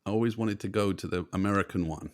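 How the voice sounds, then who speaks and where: A man's voice: low voice, quick pace. Laid-back man, rambling chat. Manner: swearing, laughing, rambling storytelling. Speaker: podcast co-host. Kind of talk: casual chat.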